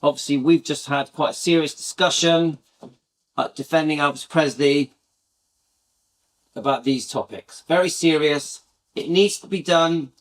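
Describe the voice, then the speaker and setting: A British man talks casually to his viewers as host of his channel. His fairly high voice rambles along with eager enthusiasm. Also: measured pace, pauses often. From Britain.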